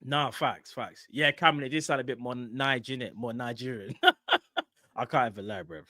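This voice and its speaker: A man's voice: mid-range voice, normal speed, no echo, clean studio sound. A man co-hosting a casual football live stream, bantering with slang. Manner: animated banter, London slang.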